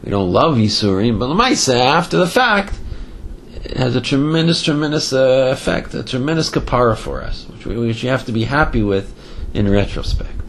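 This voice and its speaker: A man teaching a Torah class, telling a story with lively voices and sprinkling in Hebrew and Yiddish terms. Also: mid-range voice, a little hiss or hum.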